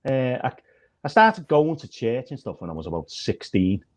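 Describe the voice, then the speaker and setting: A man's voice: mid-range voice, big pitch swings, moderate pace. A man, a minister and comedian, telling rambling, self-deprecating stories in casual chat. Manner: rambling storyteller, self-deprecating, many fillers.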